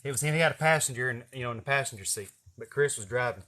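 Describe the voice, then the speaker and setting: A man's voice: medium pitch, rapid-fire, bright, forceful tone. A man, telling a funny story in a casual, profane, folksy way.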